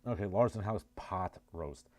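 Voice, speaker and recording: A livestream host with a New Jersey accent reads chat messages and riffs on them with sardonic, rambling asides in a casual stream. His voice is low and darkish, moving at a normal speed. The recording is dry.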